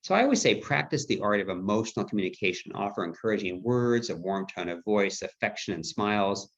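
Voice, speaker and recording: Middle-aged man, low voice, chatty webinar presenter, slightly dull audio. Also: lively intonation, a little fast. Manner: conversational, anecdotal, acts out quoted dialogue. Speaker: dementia care trainer.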